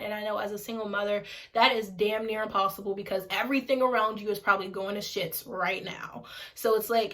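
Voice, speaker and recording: A woman's voice: mid-range voice, steady tone, a little fast, a bit bright. A woman in her twenties, a single mother, talking candidly to camera at home, frank and informal, swearing and repeating herself for emphasis. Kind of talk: candid casual talk to camera.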